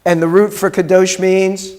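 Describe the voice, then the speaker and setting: A man's voice: sits high, flat delivery, moderate pace, darkish tone. A man, a rabbi, teaching a Hebrew class and patiently explaining pronunciation step by step.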